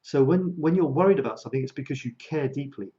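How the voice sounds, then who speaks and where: A man coaches creativity on a live stream in a chatty, self-mocking way, laughing often and circling back over his words. His voice is warm and mellow at a middle pitch. The audio is a little dull and lo-fi. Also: animated, fast.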